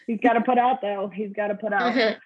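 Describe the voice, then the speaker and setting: A woman's voice: mid-range voice, fairly even intonation, fairly quick, slight background noise. A middle-aged woman doing a stand-up comedy set over a video call, with a crude, offhand delivery. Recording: tinny phone-like video call audio.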